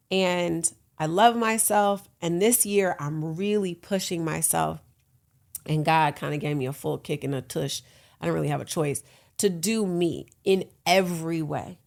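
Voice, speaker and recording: A woman's voice: on the low side, vocal fry. A woman in her late thirties hosting her own podcast, talking frankly and playfully, laughing often and cheering listeners on. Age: 30s. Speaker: podcast host. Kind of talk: casual solo podcast talk.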